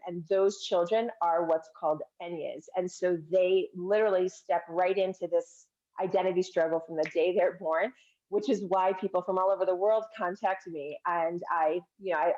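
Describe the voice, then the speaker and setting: A chatty, earnest woman, talking about her film as a guest on a video call. Her middle-pitched voice comes through dull, lo-fi call audio. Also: a little mellow. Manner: chatty, earnest storyteller with many fillers. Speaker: filmmaker guest. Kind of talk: casual interview chat.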